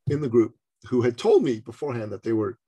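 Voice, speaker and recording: A middle-aged man from Canada telling a personal story in conversation, animated and acting out the voices of others. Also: medium pitch, fast talker, breathy edge. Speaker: speaker and business coach.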